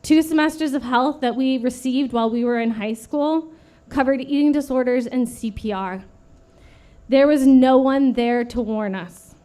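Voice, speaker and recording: A woman in her late thirties giving an earnest prepared memorial speech at a vigil, steady and read from a script. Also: high-pitched, moderate pace. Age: late 30s. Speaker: vigil speaker.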